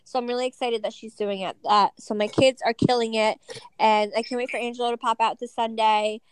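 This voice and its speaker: A woman in her thirties co-hosting a casual podcast chat from bed, blunt and teasing with quick laughs. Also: fairly high pitch, level tone, clean tone, no echo, low-quality recording. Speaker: podcast co-host. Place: lying in bed at home.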